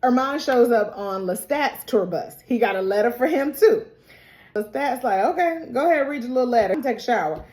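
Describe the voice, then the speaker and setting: A woman giving a casual episode recap, chatty and laughing often, acting out the characters' lines with big jumps in her voice. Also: normal speed. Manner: animated, acts out quoted lines with big pitch jumps. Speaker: TV recap vlogger.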